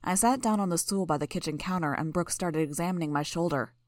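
A woman narrating a novel in the first person, in a steady, even storytelling manner. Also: fairly low pitch, fast, dry recording, clean studio sound. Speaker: audiobook narrator.

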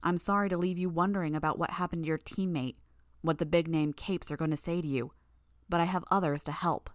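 A woman's voice: on the low side, fairly even intonation, a little fast, no echo, studio quality, natural voice. A woman voicing a bitter taunting young healer. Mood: cold, bitter. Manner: cool, mocking, quiet.

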